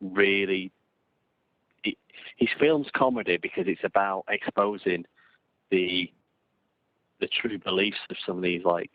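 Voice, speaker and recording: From England, this co-host of a casual live-stream chat has a deep, steady voice and speaks unhurriedly, with long pauses. He rambles, repeats words, and keeps restarting sentences, and the sound is dry and tinny, phone-like, with no echo.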